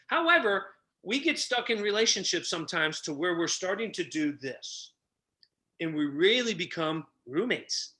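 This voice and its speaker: A middle-aged man who tells stories with a lot of energy on a podcast and acts out the people he quotes. He works as a relationship coach. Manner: energetic, acts out quotes with big pitch jumps. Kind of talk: animated storytelling.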